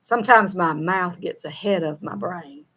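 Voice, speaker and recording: A woman's voice: lowish voice, normal speed, a bit bright, breathy edge. A middle-aged woman with a Southern American accent, chatting casually as a show co-host, folksy, laughing often and running her words together. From Southern United States. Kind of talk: casual chat reading viewer comments.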